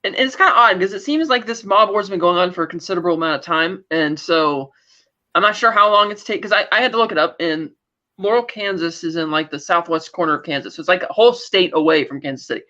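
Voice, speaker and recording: A man with a fairly high voice talks through a show's plot in an easygoing, rambling way. He paraphrases the characters' lines and brushes past details with "blah, blah, blah." The audio is dull and slightly lo-fi. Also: animated, quick pace, sharp tone. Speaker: podcast co-host. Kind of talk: casual chat recapping a TV episode.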